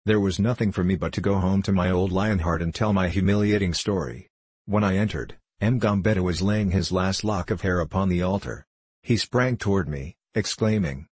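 A man narrating a classic story as an audiobook, in a measured, wry manner. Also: low-pitched, a little mellow, breathy edge, no room sound.

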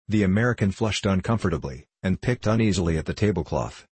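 A man reading a story aloud as narrator, with measured, even storytelling. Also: deep voice, slightly rough, dry recording. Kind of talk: audiobook narration.

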